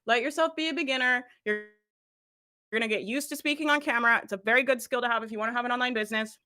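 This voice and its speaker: A business coach gives an energetic, rapid-fire motivational talk in a fairly high voice. She laughs often and speaks straight to her listeners.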